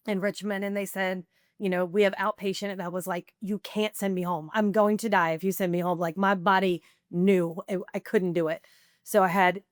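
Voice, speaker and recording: A woman's voice: on the low side, smooth, dry recording, studio quality. A woman in her forties, a podcast guest, telling a candid personal recovery story in a conversational way, full of "like" and quoted self-talk.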